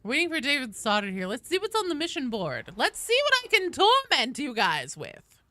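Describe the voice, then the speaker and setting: A chatty, excitable woman streaming a game and greeting her viewers one by one. Her fairly high, bright voice leaps up and down constantly, and the recording is close and dry. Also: moderate pace, dry recording. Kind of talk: casual live-stream chat.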